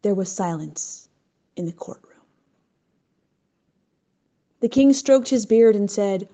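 A woman narrating a story in an expressive, unhurried way. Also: mid-range voice. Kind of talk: scripted narration.

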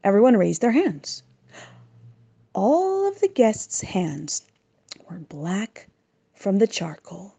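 A woman reading a children's story aloud in an expressive, dramatic way. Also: medium pitch, slow pace, creaky, long pauses, breathy edge.

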